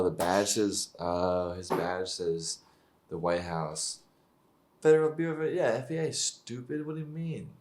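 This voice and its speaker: Guy with a lowish voice ranting through a show reaction, swears a lot, laughs at the bad script. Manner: exasperated, profane, mocking; laughs often while talking. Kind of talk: casual reaction commentary.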